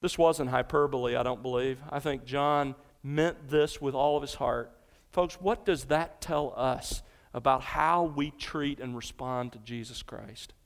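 A man's voice: mid-range voice, steady tone, measured pace. A man preaching an expository sermon as pastor, earnest and emphatic, asking the congregation rhetorical questions. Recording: large hall with long reverb.

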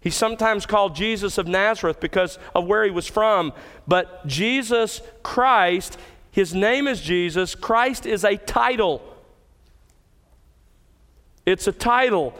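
A man preaching from the pulpit, his voice somewhat higher than most and smooth and resonant. He stresses key words with emphatic lifts. His voice rings out through a hall with a long reverb. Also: takes it slowly, a bit bright. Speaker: pastor. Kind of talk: expository sermon.

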